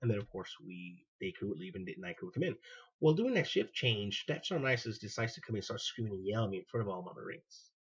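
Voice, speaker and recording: A man, a former Marine hosting his own show, telling a personal story in an animated way and acting out what people said. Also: on the low side, fast, husky, dull audio. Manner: animated, acts out quoted dialogue. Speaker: podcast host, former Marine.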